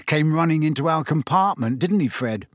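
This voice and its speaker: A man voicing a calm, wry teenage schoolboy in an audiobook, talking in a reassuring way. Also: on the high side, moderate pace, dry recording, clean studio sound, natural voice.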